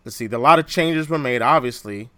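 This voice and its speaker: A man hosting a casual podcast chat, animated and quick to laugh, often restarting his phrases. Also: medium pitch, dry recording. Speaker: podcast host.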